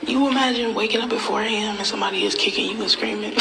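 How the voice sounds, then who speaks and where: A young woman ranting casually and profanely, often dropping into a half-whisper, with loud mocking outbursts. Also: medium pitch, steady tone, fast talker, creaky, few pauses, noisy background. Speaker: comedian and internet personality. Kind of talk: casual confessional rant.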